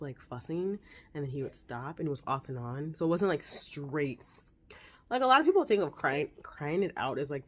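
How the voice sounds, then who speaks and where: A woman's voice: rumbling low, slight background noise. A woman in her forties talking candidly at home about life with her baby, in a chatty vlog manner with tender asides to the child. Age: 40s. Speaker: mom vlogger. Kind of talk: casual vlog chat.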